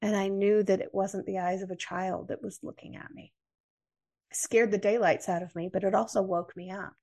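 With a mid-range, slightly mellow voice and fairly even intonation, an American woman shares a personal story as a podcast guest. She answers the interview in an earnest, measured way.

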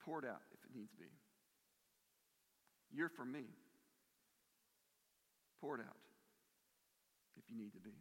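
A man preaching a sermon in a church, earnest and emphatic, swinging between forceful stress and quieter passages. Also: mid-range voice, animated, takes it slowly, pauses often, breathy edge. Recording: long reverb of a large hall.

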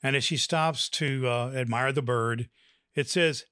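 A man's voice: mid-range voice, unhurried, sharp tone, no echo, studio quality. Earnest man hosting a podcast. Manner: earnest, motivational. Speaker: podcast host. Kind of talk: encouraging talk and joke-telling.

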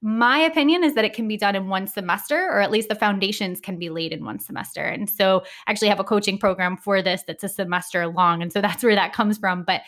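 A woman talking as a guest in a relaxed conversation, articulate and engaged. She explains her points fluently, sometimes backtracking to rephrase as she thinks aloud. Her voice sits in an ordinary middle range for a woman. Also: medium pitch, fast, few pauses. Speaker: education consultant guest. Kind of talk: casual conversational interview.

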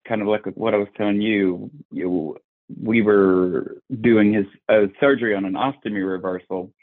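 Male guest, 40s, Southern US accent, low voice, candid and plainspoken, remote call with tinny phone-line sound. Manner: open, frank, plainspoken. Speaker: podcast guest. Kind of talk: candid personal storytelling.

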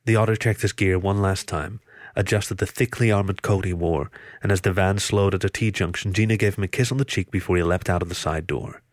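A man narrates a thriller story in a low voice, steady and even. The sound is dry and close, with no room around it. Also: a little fast, dry recording. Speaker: audiobook reader.

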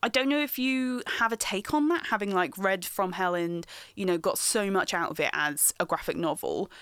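A young woman talking casually on a podcast, her voice smooth and clear. It sounds close and dry, with no room around it. She rambles through restarts and fillers and laughs easily. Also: mid-range voice, moderate pace, fairly bright tone, no room sound. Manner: chatty, giggly, lots of restarts and fillers. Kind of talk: casual chat.

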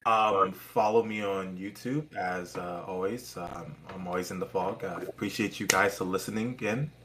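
A man co-hosting a podcast in casual chat, halting and trailing off with many pauses and fillers. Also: low-pitched, sharp tone, a little hiss or hum. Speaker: podcast co-host.

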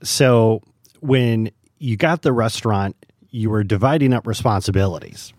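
A man with a fairly low voice hosts a casual interview. He keeps his questions short and prompting, and his voice sounds dry and close to the mic. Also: normal speed, a little mellow, no echo. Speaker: podcast host.

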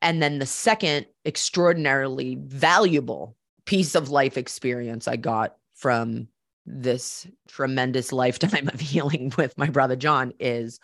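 A woman's voice: extremely low pitch, fairly bright tone, no echo. A woman hosts a personal storytelling podcast on a close mic, speaking in a candid, conversational way with the odd casual curse. Her voice sits in a middle register and the sound is dry, with no room around it. When she draws lessons from the story, she turns reflective and earnest. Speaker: podcast host.

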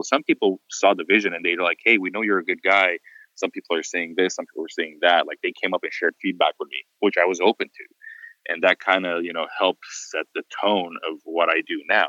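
Man, low, quick, animated storyteller, dry dull lo-fi sound. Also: dry recording. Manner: animated storyteller, acts out quotes. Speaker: photographer. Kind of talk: casual podcast storytelling.

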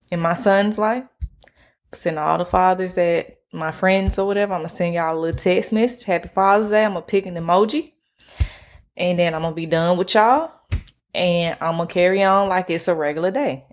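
Solo podcast host, woman, a bit low-pitched, monotone and easygoing, swears freely. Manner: self-described monotone delivery; relaxed, slangy, swears casually. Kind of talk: casual solo podcast chat.

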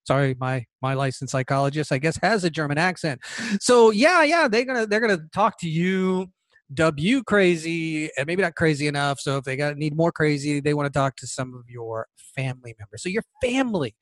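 A male podcast host delivering political commentary, alternating between reading dense legal wording and exasperated asides. His voice sits a bit higher than most men's and is recorded close on a mic in a dry, dead room. He pushes his points hard and sounds openly outraged. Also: lively intonation, a little fast, a bit bright, no room sound. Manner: emphatic, indignant, reading legal text aloud.

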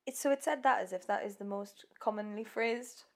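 A woman's voice: mid-range voice, fairly quick. A woman co-hosting a casual true-crime podcast, telling the story in a chatty, giggly way with many ums. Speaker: podcast co-host.

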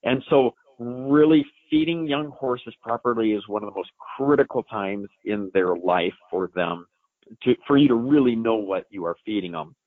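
A man in his forties with a somewhat low voice explains an expert answer to a listener, relaxed and folksy with many fillers. His voice is tinny and narrow, as if heard down a phone line, with no room sound at all. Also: normal speed, no echo. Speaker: equine science expert. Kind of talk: answering listener questions on a live show.

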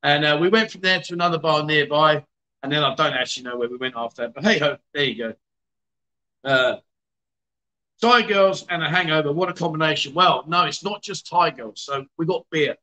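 A man's voice: a little high, a little fast, pushed and bright, low-quality recording. A man hosting a casual livestream, hungover, greeting viewers by name in a chatty, self-mocking way. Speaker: livestream host.

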